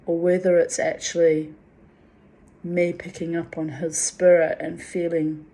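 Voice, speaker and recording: A woman's voice: on the low side, flat delivery, a little slow, dark tone. A woman speaking in a raw, emotional monologue, venting and swearing about love and men. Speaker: spiritual vlogger.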